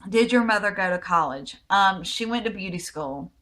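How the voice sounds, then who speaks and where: A woman's voice: medium pitch, expressive, normal speed, a bit bright. An American woman with a Southern accent, answering a list of personal questions in a casual vlog with easygoing, rambling replies. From United States. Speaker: vlogger.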